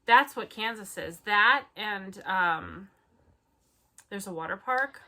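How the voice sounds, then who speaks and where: A woman's voice: medium pitch, expressive, takes it slowly, bright, forceful tone. A young woman co-hosting a casual chat, reading bad reviews aloud with sarcastic, mock-indignant remarks.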